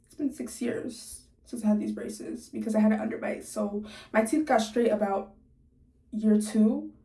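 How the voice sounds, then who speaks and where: A woman's voice: medium pitch, normal speed, dark tone, far from the mic. A nineteen-year-old woman telling a story casually to her viewers, chatty and laughing often, with a sore jaw from recent surgery. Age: young adult, 19. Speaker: vlogger. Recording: echoey room.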